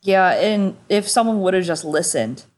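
Chatty woman with a lowish voice. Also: animated, normal speed. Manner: chatty, frequent "like" fillers. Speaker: podcast co-host. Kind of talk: casual book discussion.

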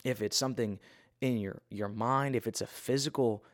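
A man's voice: medium pitch, fairly even intonation, normal speed, no echo, clean studio sound. A man giving a casual, earnest Bible talk in a conversational, self-deprecating way.

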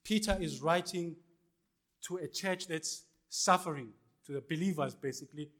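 A male pastor, preaching a sermon and calling out to the congregation for responses, with swings between loud and hushed lines. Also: on the high side, normal speed.

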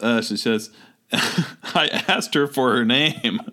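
A man's voice: mid-range voice, lively intonation, slow pace, bright, forceful tone. A man co-hosting a comedic podcast, reading a review aloud with lots of laughter and acted-out quotes. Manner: laughs often, acts out quoted lines. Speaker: podcast co-host.

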